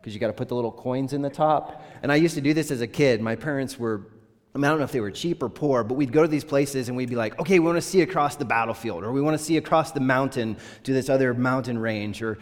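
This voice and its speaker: A man preaching a sermon as pastor, talking conversationally and voicing the scripture quotes with rising intensity. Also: medium pitch. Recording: long reverb of a large hall.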